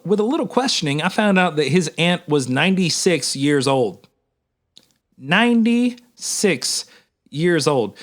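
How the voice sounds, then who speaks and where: Animated, emphatic male minister. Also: on the high side. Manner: emphatic and animated, addresses listeners as y'all. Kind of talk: humorous sermon commentary.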